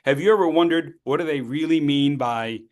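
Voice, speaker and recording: A man teaching as a speech coach, lively and playful, acting out his students and throwing in sound effects. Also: a little high, fairly quick. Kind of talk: lively training talk.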